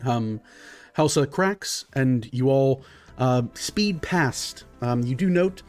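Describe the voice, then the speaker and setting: A man as game master, narrating a tabletop game in a relaxed way with many fillers. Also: mid-range voice, slow, soft background music.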